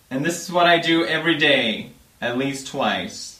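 A young man doing goofy comedy skits in a green screen studio, hammy with shouty greetings. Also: on the high side, big pitch swings, moderate pace. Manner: hammy, shouty greetings, sudden silly voices. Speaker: comedy video creator. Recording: echoey room, from a distance.

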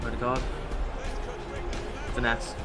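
A man giving live gameplay commentary. He swings from low muttering to excited shouting and swears often. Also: takes it slowly. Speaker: gaming YouTuber. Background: music.

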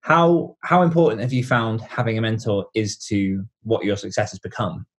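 A man hosting a casual podcast interview, asking relaxed, rambling questions with fillers. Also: fairly low pitch, moderate pace. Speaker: podcast host.

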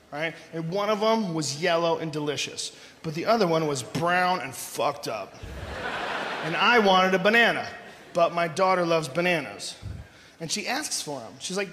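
A middle-aged man doing a stand-up comedy routine on a big theater stage, loud and profane, shouting his punchlines. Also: a little high. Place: large theater stage before a live audience. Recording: echoey hall recording with audience noise.

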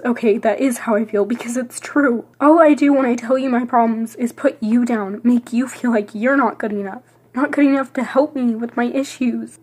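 Woman playing a crying young woman, husky and high, defensive, home-made drama. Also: a little mellow. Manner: pushes others away, pleading.

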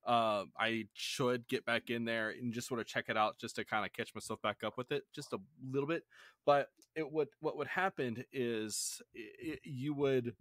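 A man's voice: mid-range voice, a bit bright, no echo, studio quality. A man hosting a podcast in casual chat, rambling and apologizing for his rants. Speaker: podcast host.

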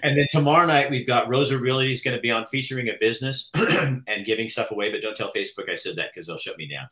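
A man's voice: mid-range voice, fast talker, a bit bright, rough recording. A man hosting a live show, teasing and joking through casual banter. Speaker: show host. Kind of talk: casual live-stream chat.

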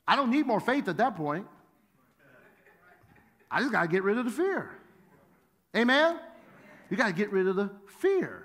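A male pastor preaching a sermon, telling stories with animated shouted exclamations. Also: sits high, brisk, long pauses. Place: church sanctuary. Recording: long church-hall reverb.

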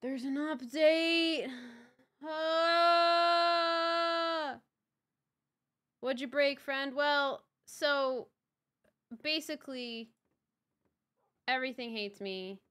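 Sitting high and a bit bright, this young woman's voice moves slowly with long pauses as she livestreams a game. In casual chat she exclaims and repeats herself, swears when things break, and greets chatters by name.

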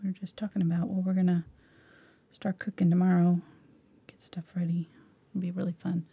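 Husky woman in her 40s chatting while painting, gravelly, pitched lowish. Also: a little fast, phone-quality sound. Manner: relaxed, chatty, talks softly while painting. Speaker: painting instructor. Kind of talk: live painting tutorial chat.

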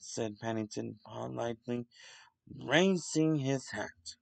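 Slow, gravelly man reading a children's story. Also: mid-range voice, darkish tone, no echo. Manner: slow and deliberate, occasional slips. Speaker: storybook reader.

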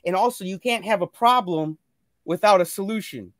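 A man with a high voice, a guest on a live stream, talks earnestly at a moderate pace about self-love and making good decisions. His casual motivational chat is preachy and repeats phrases. The sound is clean studio quality with no echo.

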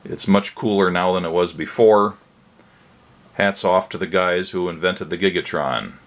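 Older guy casually walking through a gadget demo, deep low voice, um-ing along. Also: moderate pace. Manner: relaxed, plain-spoken, hesitant with fillers. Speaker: hobby electronics channel host.

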